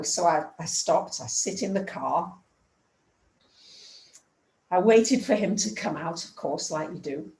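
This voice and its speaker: A woman's voice: fairly low pitch, lively intonation, slow, long pauses, darkish tone, reverberant, low-quality recording. A woman telling a story in a chatty way and acting out the dialogue in a casual astrology talk.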